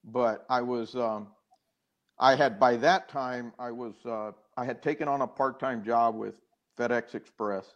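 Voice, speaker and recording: A man's voice: mid-range voice, fairly even intonation, a little slow, highs cut off. An older man, a guest in an interview, earnestly telling a personal story with many restarts and acted-out quoted dialogue.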